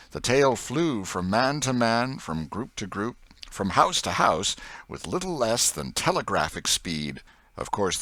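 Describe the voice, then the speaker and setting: A man reading an audiobook with dramatic, expressive narration. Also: low voice, no room sound.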